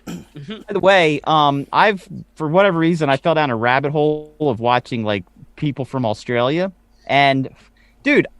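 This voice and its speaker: A man's voice: on the high side, no room sound. A man co-hosting a podcast, rambling through provocative stories in casual chat. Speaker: podcast co-host.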